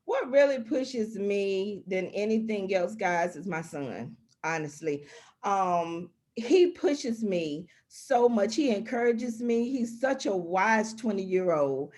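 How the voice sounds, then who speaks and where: A woman's voice: mid-range voice, lively intonation, slow pace, darkish tone. A woman speaking as a guest on a community call, heartfelt and emphatic in her encouragement. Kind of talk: motivational talk.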